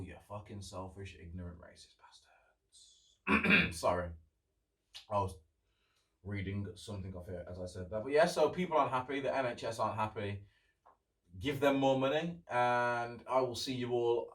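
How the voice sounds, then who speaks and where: A young man hosts a solo podcast in loose, rambling chat. His pitch sits in the middle, and he gets sarcastic and swears when he rants. The mic sits some distance from him, so his voice sounds slightly removed. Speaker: podcast host.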